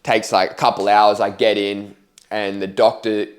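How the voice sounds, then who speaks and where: Speaking at a normal speed in a level, slightly low voice, a young man recounts his life story to camera for his vlog. He keeps it casual, candid, and slangy, swearing freely and reenacting his own words and thoughts from back then.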